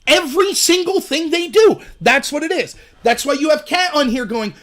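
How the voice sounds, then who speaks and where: A man's voice: expressive, normal speed, fairly bright tone. A man hosting a solo political commentary livestream, ranting emphatically and mocking opponents while reading out chat messages. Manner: sarcastic, mocks opponents in high shrill voices; reads and answers live chat.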